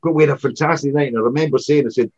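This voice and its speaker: Brief: Scottish man, 60s, interview guest, mid-pitched, loose chatty storyteller, dull lo-fi sound. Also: very fast. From Scotland. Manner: rambling, many restarts and "you know"s, animated anecdotes. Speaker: guest, former rock frontman. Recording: dull lo-fi recording.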